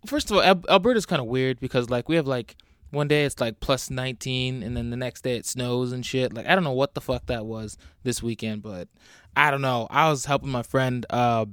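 A man's voice: mid-range voice, a bit bright, clear, resonant tone, no room sound, studio quality. A young man hosting a solo podcast from home, rambling and joking with lots of swearing. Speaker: podcast host. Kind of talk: casual solo podcast rant.

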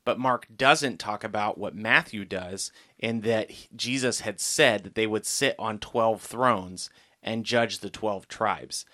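Guy on a bible podcast, bright punchy voice kinda low, chatty and laughing, does little voices for quotes. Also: slow pace. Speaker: podcast co-host. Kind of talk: casual Bible discussion.

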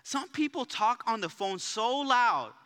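A man with a high, very bright voice preaches a sermon in an energetic, conversational way, mixing jokes and personal stories. His voice rings out through a large church sanctuary, and the room's long reverb trails after every phrase. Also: measured pace, smooth. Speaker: pastor.

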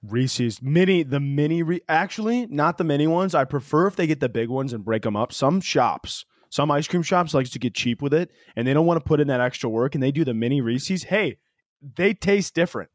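A young man co-hosting a casual podcast, telling animated, joking stories and swearing freely. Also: a little high, a little fast, no echo, studio quality. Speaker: podcast co-host. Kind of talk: casual chat.

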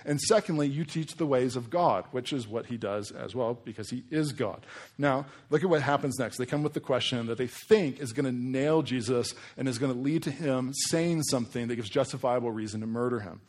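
A man's voice: medium pitch, fairly quick, a little mellow. A man preaching a sermon in a casual, conversational way, with frequent asides to his congregation. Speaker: pastor.

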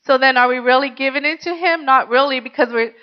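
Woman pastor, high voice, earnest conversational testimony, slightly muffled recording. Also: fast talker. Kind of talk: personal testimony sermon.

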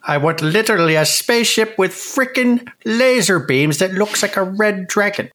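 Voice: medium pitch, expressive, moderate pace, a bit bright. A podcast co-host in casual, joking banter.

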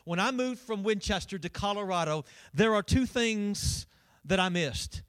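Man, pastor, playful sermon storyteller, high voice, dry close sound. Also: animated, a little slow, a bit bright, dry recording. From Kentucky. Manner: storytelling, playful, calls out to the congregation.

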